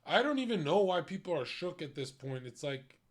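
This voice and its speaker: A man's voice: on the high side, sing-song, brisk. A young man streaming, talking in a blunt, profane, ranting way about a film. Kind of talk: casual chat.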